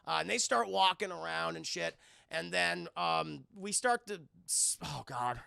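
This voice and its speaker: A man streaming a live film review, recapping scenes sarcastically for his chat with swearing and quick mock impressions of the characters. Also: fairly high pitch, gravelly, clear, resonant tone, no room sound, clean studio sound. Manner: sarcastic, animated retelling with profanity.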